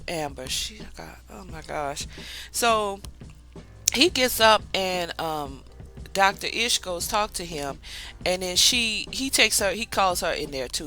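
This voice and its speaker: A woman gives a lively, chatty recap of a show and slips into the voices of the people she describes. Her voice is bright and forward. Soft music plays underneath. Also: medium pitch, normal speed, poor audio. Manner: chatty, animated storytelling, acts out quoted lines; drawling colloquial speech, calls the viewer 'child'. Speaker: TV show reviewer. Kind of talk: casual recap vlog.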